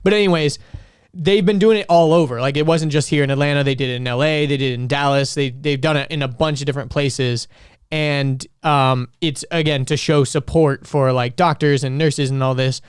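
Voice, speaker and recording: A man's voice: a little high, steady tone, fairly quick, smooth, no room sound, studio quality. A young man co-hosting a casual podcast, rambling and telling stories with lots of filler words. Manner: rambling, many "like" fillers, laughs while storytelling. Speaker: podcast co-host.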